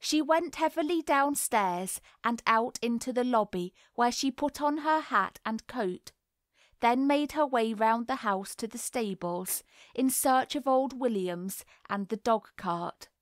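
A woman narrating a classic novel in a measured, deliberate reading voice. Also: fairly high pitch, lively intonation, no echo, studio quality. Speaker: audiobook narrator. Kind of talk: scripted literary narration.

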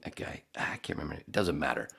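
A man with a very low, deep voice tells a story in loose, rambling podcast chat. He swears freely and restarts his sentences often, then jumps up in pitch when he mimics other people. He works as a radio voiceover artist. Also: animated, fast talker, vocal fry, fairly bright tone, slightly rough. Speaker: podcast host telling a story. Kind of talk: casual profane storytelling.

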